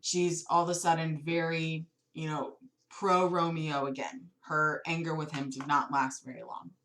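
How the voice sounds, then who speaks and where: A woman's voice: sits low, fairly even intonation, normal speed, fairly bright tone, a little hiss or hum. A woman teacher explaining a play to students in a plain, conversational way.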